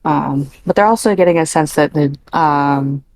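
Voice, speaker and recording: A woman's voice: deep voice, moderate pace, darkish tone, no echo. A woman describing a character's inner experience in a tabletop game, thoughtful and hesitant. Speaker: player.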